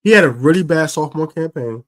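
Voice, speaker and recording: A man hosting a fan sports show, ranting in a casual, slangy, animated way about his team. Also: a little high, fast. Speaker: sports podcast host. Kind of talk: casual fan commentary rant.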